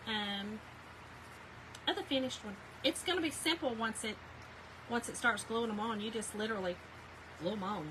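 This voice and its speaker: A woman's voice: on the high side, background noise. A middle-aged woman, chatting casually with viewers on a live craft stream and answering their comments. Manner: chatty, talks straight to viewers, reads out chat comments. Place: home craft room.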